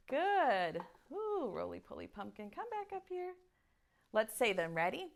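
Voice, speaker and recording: Woman, online preschool teacher, high and very lively, slow sing-song delivery. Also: creaky. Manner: slow sing-song teacher talk, chanting along with children. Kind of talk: online preschool circle time.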